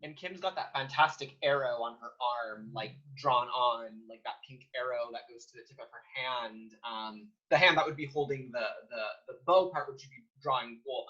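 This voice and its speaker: A man's voice: mid-range voice, sharp tone, breathy edge. A man co-hosting a podcast, talking casually and thoughtfully with some hesitations. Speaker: podcast co-host. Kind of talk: casual chat. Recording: dull lo-fi sound.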